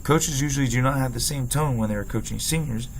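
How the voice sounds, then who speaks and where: A young man from Philadelphia who played and now coaches football, reading a personal essay aloud in an even manner. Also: medium pitch, fast talker, a little hiss or hum, poor audio.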